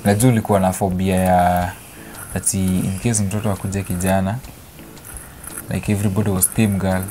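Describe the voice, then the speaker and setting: A young Kenyan man, an expectant father, chatting excitedly and affectionately in a casual family vlog. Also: low-pitched, moderate pace. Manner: excited, affectionate, mixing English and Swahili. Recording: noisy home video.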